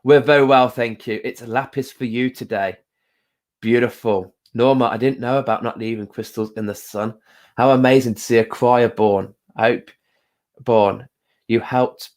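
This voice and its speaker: A man hosting a casual live stream, talking gently with many pauses and fillers and greeting viewers by name. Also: mid-range voice, steady tone. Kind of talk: casual live-stream chat with card reading.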